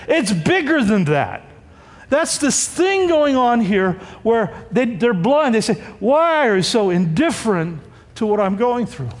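Man, pastor, sermon, high voice, conversational asides, church sanctuary, long hall reverb. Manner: animated, conversational preaching with frequent rhetorical asides.

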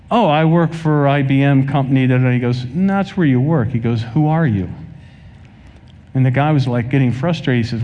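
Man, pastor, sermon, mellow voice, long echo of a church hall, animated storytelling. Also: mid-range voice, moderate pace, dull audio. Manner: animated preaching, acts out dialogue in anecdotes.

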